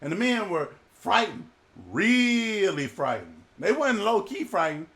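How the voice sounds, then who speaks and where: A male preacher delivering a humorous, colloquial sermon with animated storytelling. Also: sits high, measured pace.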